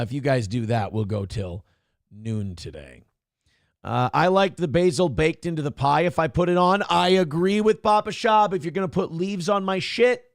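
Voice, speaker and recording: A man's voice: a little high, no echo, studio quality. A man hosting a morning show, chatting casually, reading viewer comments, and swearing and joking at his own expense. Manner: profane, joking, self-mocking rants.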